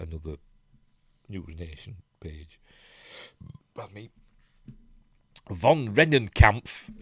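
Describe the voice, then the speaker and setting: A man's voice: lowish voice, dry recording, clean studio sound. A man with a Yorkshire accent casually reading out news articles, rambling with asides and frequent ums. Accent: Yorkshire English. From Yorkshire, England. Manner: rambling, chatty, reads aloud with frequent ums.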